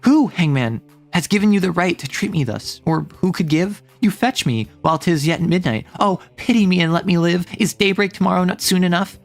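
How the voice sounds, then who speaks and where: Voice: mid-range voice, animated, a little fast, few pauses, close to an everyday voice. Streamer playing a doomed young woman, anguished, pleading verse, dramatic reading, faint background music. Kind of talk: dramatic reading of a classic play.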